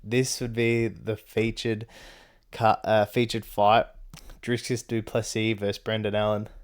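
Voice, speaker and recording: A man with a low, smooth and clear voice talks in a loose, rambling chat. He swears freely and often breaks into short laughs between his points. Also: flat delivery, measured pace. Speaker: MMA commentary vlogger. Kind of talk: casual chat.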